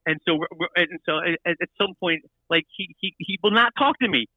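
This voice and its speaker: A man telling a story in casual chat, animated and full of restarts and repeated words. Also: sits high, a little fast, slightly rough, no room sound, phone-quality sound.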